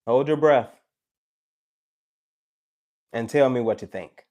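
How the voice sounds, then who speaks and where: A man speaking at a slow pace and medium pitch hosts a tarot live stream, chatting animatedly with his viewers. He's casual, preachy, and joking by turns, tossing teasing remarks at the chat.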